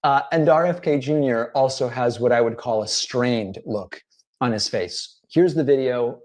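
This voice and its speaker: A man commenting on news clips, analytical and deliberate, sometimes fighting back laughter. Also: mid-range voice, a little mellow. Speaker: political commentator. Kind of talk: commentary over played clips.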